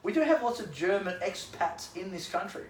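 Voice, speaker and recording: A man's voice: sits high, expressive, moderate pace, slight background noise. Joking Australian man in an echoey room. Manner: crude, joking, laughs often. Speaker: podcast host. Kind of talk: casual drinking banter.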